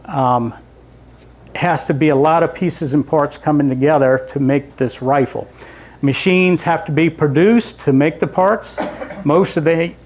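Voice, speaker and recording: A man's voice: on the high side, darkish tone. Man giving a slide lecture. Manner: conversational, explains step by step with asides to the audience. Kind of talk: public history lecture with slides. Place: library lecture room.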